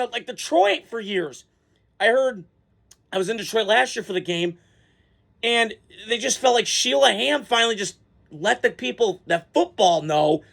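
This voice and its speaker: A man with a fairly high voice vents about his football team in a loose, rambling way, full of ums and restarts. He gets excitable and swears freely as he talks it through. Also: gravelly, breathy edge. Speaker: sports vlogger. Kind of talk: casual fan reaction rant.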